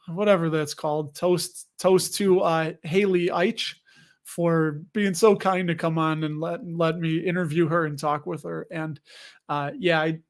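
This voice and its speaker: A man hosting a casual chat about dividend investing, rambling with joking, sarcastic asides as he reads viewer comments. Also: a little high. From United States. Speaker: dividend investing channel host.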